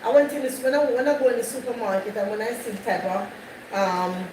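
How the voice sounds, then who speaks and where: A woman hosting a live stream, chatting with her viewers and circling back over her points. Her voice sits a bit high. It carries echo and steady background noise. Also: brisk, distant mic. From Jamaica. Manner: chatty, repeats herself, greets viewers by name. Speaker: livestream host. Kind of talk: casual live chat with viewers. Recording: echoey, off-mic, noisy background.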